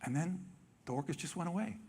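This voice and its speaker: A man, a wildlife photographer, telling stories animatedly on stage and acting out reactions with sudden loud exclamations. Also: fairly high pitch, expressive, fast talker, creaky, slightly rough. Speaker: wildlife photographer giving a talk. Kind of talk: animated storytelling presentation. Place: large expo hall stage. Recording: reverberant hall.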